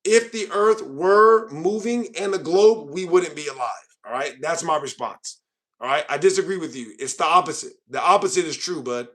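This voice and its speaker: High-voiced American man riffing on comments. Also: animated, moderate pace, a bit bright. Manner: joking, mock-offended, calls viewers bro. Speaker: host. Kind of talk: casual livestream chat reading comments.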